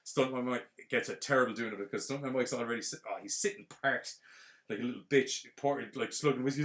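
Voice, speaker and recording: A man, hosting a podcast and retelling a film plot in a casual, rambling, animated way full of fillers. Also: medium pitch, fast. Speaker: podcast host.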